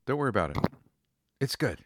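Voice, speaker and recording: On a studio microphone, a man co-hosting a casual podcast jokes around in a lively way, stretching out words for emphasis. His voice is medium-pitched, and the background is noisy.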